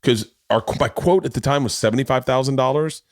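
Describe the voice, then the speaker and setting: Animated storytelling man, dry close mic. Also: medium pitch, fairly quick, no room sound. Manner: animated, acts out quotes in shifting voices, swears. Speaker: podcast host. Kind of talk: casual storytelling chat.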